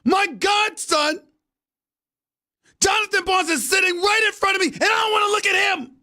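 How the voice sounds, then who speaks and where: A middle-aged man holds forth from a studio booth on a sports talk show, his voice pitched very high and cutting. He rants in exasperation, often breaking into shouts. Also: fairly even intonation, normal speed. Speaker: show host. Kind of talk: ranting sports talk monologue.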